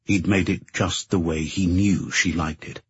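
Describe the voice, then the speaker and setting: Male audiobook narrator: low, very husky, measured; dry, muffled recording. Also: no room sound. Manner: measured, even storytelling. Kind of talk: scripted narration.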